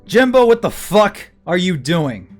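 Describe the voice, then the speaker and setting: A man voicing an angry, foul-mouthed frontier enforcer in a tabletop game, loud and exasperated. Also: mid-range voice, expressive, a little slow, faint music behind, close to an everyday voice. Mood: angry, threatening. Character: tough male gang boss's enforcer, angry, profane.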